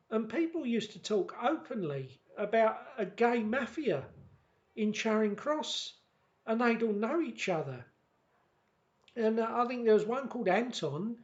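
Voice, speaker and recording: Man, fairly high voice, casual reminiscing vlog, halting, repeats himself, dull lo-fi recording. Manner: halting, repeats words and restarts often. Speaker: vlogger.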